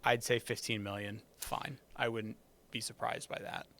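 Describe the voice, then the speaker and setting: A man's voice: lowish voice, level tone, normal speed, creaky, fairly bright tone. A man co-hosting a casual sports podcast, laid-back and chuckling as he gives his takes. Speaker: podcast co-host.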